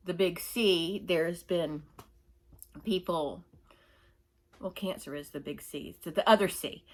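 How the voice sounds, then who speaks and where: A woman's voice: medium pitch, a bit bright. A woman ranting in a casual opinion monologue, rambling and exasperated, mocking others with whiny put-on voices. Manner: rambling, exasperated, laughs while telling stories. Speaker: vlogger.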